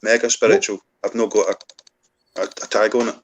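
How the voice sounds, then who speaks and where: A Scottish man telling stories in casual chat, lively and swearing freely. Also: on the low side, fairly quick. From Scotland. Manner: animated, swearing, storytelling. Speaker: co-host.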